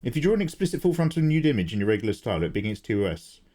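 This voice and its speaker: Lively joking male livestreamer. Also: medium pitch, rapid-fire. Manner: joking, bantering, swearing casually. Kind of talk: casual livestream chat while drawing.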